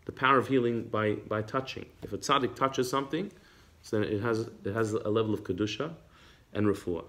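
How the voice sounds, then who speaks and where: A man's voice: fairly low pitch, steady tone, a little fast, a bit bright. A man teaching a religious text class. He reads Hebrew passages aloud, explains them in English, and often repeats his words as he goes. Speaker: Torah teacher.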